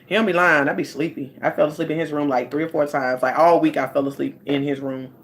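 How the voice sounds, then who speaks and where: A woman's voice: low voice, fairly even intonation, fast, slight background noise. Chatty woman hosting a livestream. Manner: rambling, chatty, talks straight to viewers. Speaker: life coach hosting a livestream. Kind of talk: casual livestream chat.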